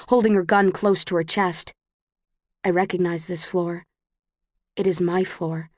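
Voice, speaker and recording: A woman narrating a first-person audiobook in a measured, tense storytelling manner. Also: fairly low pitch, darkish tone, no room sound, clean studio sound.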